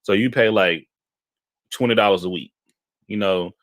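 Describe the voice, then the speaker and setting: A man from Houston, Texas, co-hosting a casual chat and telling animated, rambling anecdotes, often checking in with "okay?". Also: fairly low pitch, normal speed, no echo. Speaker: podcast co-host.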